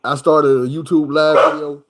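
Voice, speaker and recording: Guy rambling through a story, cussing a lot, higher voice, animated. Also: normal speed, noisy background. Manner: loose, profane street talk; animated, acts out the people in his story. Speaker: streamer. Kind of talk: casual storytelling.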